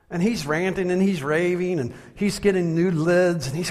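Male preacher, conversational sermon, animated storytelling, slightly high voice, reverberant hall. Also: brisk. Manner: conversational, animated, acts out quotes.

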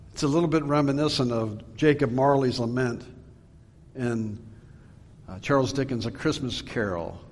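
A man preaching a Bible-teaching sermon, earnest and emphatic, slowing down for scripture readings. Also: mid-range voice, long reverb tail, slight background noise. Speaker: pastor.

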